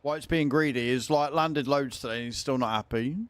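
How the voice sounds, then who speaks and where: A man's voice: medium pitch, a little fast, dry recording. A man chatting casually and jokingly as he streams a farming game, swearing now and then. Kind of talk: casual gameplay livestream commentary. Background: faint music.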